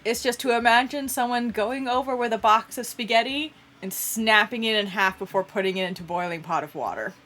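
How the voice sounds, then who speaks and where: A woman's voice: fairly high pitch, brisk, few pauses, background noise. A woman narrating as game master of a tabletop game, casual and swearing freely.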